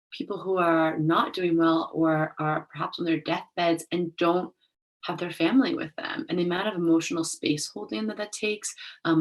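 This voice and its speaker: A young woman hosting her own show in a casual, rambling way, leaning on "like", openly emotional and laughing at herself. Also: fairly low pitch. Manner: chatty, rambling, heavy use of "like". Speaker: host. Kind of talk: casual solo show chat.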